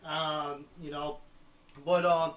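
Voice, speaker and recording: A slightly high-voiced man talks through his gear in a loose, joking way, tossing in "right?" and "all right" every few words. The sound is dull and lo-fi, like an old home video. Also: flat delivery, takes it slowly. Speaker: prepper video host. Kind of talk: casual show-and-tell vlog.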